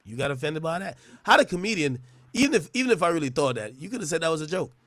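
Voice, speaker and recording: A man's voice: fairly high pitch, big pitch swings, fast, a bit bright, no room sound. A man delivering a profane, mocking roast rant, often stammering and restarting his words. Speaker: internet personality. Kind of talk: trash-talking roast rant.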